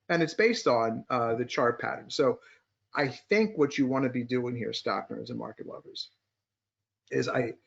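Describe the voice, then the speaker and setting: A man's voice: medium pitch, gravelly. A male co-host of a podcast chatting casually, joking around and then explaining stock charts step by step, with many restarts. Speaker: market strategist and co-host. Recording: muffled lo-fi audio.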